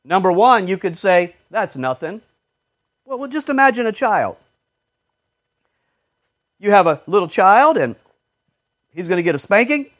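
A man preaching a sermon, fervent, swinging from loud exhortation to low murmurs and acting out short quoted voices. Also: big pitch swings, unhurried, long pauses.

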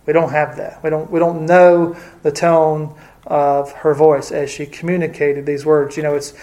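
A man's voice: on the high side, level tone, normal speed, warm tone. A man teaching a casual Bible study, talking hesitantly with many fillers and restarts.

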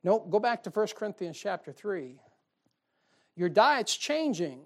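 A man's voice: sits high, big pitch swings, unhurried. A man preaching a sermon in a folksy, conversational way, often asking the congregation questions.

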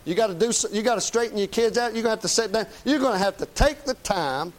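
A man's voice: sits high, expressive, quick pace. A middle-aged man, preaching a folksy, plain-spoken, emphatic sermon. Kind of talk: conversational sermon.

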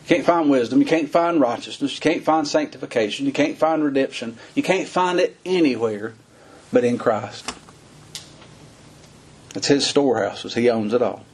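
Husky preacher, folksy and urgent. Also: male voice, medium pitch, darkish tone. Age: middle-aged. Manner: folksy, dramatic, rising to urgent cries. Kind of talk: sermon.

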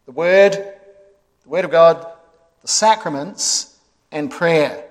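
A man delivering a sermon with a measured, emphatic cadence, pausing between phrases. His voice sits a little high for a man. It rings out through a reverberant church hall with a long echo. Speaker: preacher. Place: church sanctuary.

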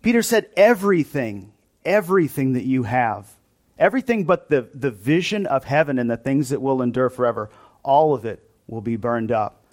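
A man's voice: medium pitch, expressive, normal speed, darkish tone. A male pastor preaching a sermon to his congregation in a church, in a conversational style that often asks them questions.

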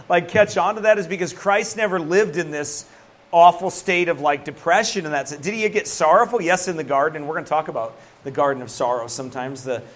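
Male pastor, conversational sermon, slightly high voice, lively and chatty. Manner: conversational, animated preaching with laughs and asides.

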